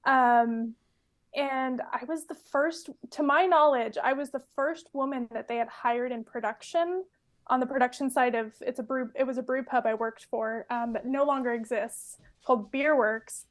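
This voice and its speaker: A woman in her twenties from California talks casually as a podcast guest. Her voice sits a little high. She tells stories in a loose, chatty way, full of fillers and easy laughs. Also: moderate pace. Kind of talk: casual interview chat.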